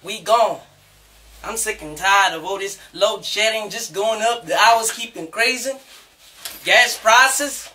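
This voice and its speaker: A man's voice: sits high, slow pace, sharp tone, full character voice. A man doing a fed-up mock-American drawl. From Zambia. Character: fed-up Zambian man affecting American slang. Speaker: comic skit performer. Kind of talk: comedy skit. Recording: distant mic.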